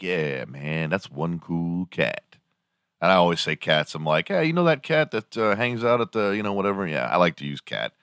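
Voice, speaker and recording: A man's voice: low-pitched, a bit bright, no room sound, studio quality. A man in his fifties hosting a casual solo podcast, rambling and swearing as he jokes and slips into silly impressions. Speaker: podcast host.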